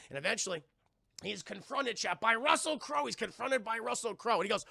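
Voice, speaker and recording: A man's voice: sits high, expressive, fast talker, vocal fry, bright, forceful tone, no room sound, studio quality. A man casually recapping a film scene by scene on a live stream, rambling and swearing, often calling out to his chat. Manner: rambling, profane, keeps addressing chat. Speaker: streamer reviewing films.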